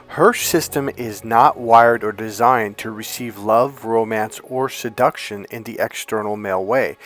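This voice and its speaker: Male dating coach, mid-pitched, emphatic, swears freely, faint music underneath. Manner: emphatic, profane, with lots of restarts and acted-out quotes. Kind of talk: sales pitch for a course.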